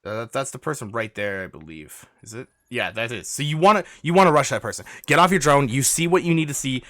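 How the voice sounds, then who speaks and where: A gaming coach talks over gameplay footage in a bright, forceful voice with big pitch jumps, speaking fast and animatedly. He's urgent and insistent, repeating his instructions over and over, and the recording is dry and close with no room sound.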